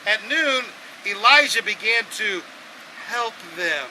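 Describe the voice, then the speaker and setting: A man preaching an outdoor sermon, telling the story in an animated, sarcastic way and acting out voices. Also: high-pitched, slow pace, rough recording. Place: outdoors at a campsite. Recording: windy outdoor noise.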